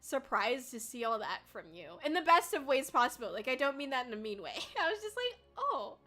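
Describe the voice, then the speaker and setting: A woman's voice: sits high, sing-song, fairly quick, pushed and bright, soft background music. A young woman streaming casually, chatty and bubbly, laughing often and swearing lightly as she reads viewer comments. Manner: emotional, tearful when thanked. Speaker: VTuber streamer. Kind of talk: casual livestream chat reading viewer comments.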